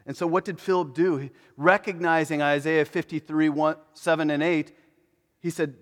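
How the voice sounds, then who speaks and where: A man preaching a sermon in a conversational way, moving between emphatic lines and hushed ones. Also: high voice, normal speed. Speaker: pastor. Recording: long reverb of a large hall.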